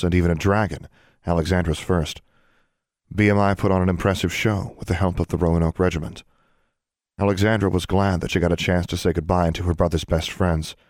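Male audiobook narrator, deep voice, steady measured reading, dry booth sound. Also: no room sound. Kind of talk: scripted storybook narration.

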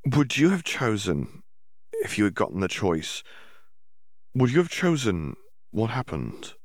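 Curious, eager teenage schoolgirl, a man putting her on, voice raised and softened, earnest questions. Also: on the low side, huge pitch swings, a little slow, no room sound, clean studio sound, voice pushed up, heavily acted.

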